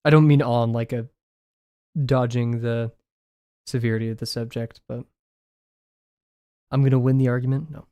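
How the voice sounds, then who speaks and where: A young man streaming his drawing session, rambling casually with viewers, self-deprecating and quick to laugh. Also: mid-range voice, steady tone, warm tone, clear, resonant tone, no echo. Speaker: drawing livestreamer.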